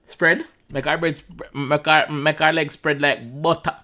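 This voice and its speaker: A man's voice: a little high, little pitch movement, measured pace, bright, forceful tone. A young Jamaican man with a Jamaican accent, casually breaking down a song line by line in a chatty way that slips into patois. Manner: chatty, repeats himself, mixes in patois. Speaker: reaction channel host.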